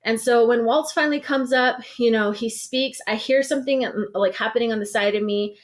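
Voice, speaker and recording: A woman's voice: on the high side, fairly quick. A woman from the Navajo Nation, an organizer, recounting an experience in casual speech with many "like"s and restarts. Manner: heavy use of "like" and restarts, animated storytelling. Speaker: organizer, podcast guest.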